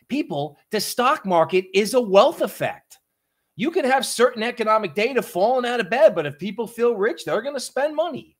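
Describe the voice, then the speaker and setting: A man hosting a casual livestream on markets, talking in an animated, joking storytelling way. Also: very high-pitched, moderate pace. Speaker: crypto market livestream host.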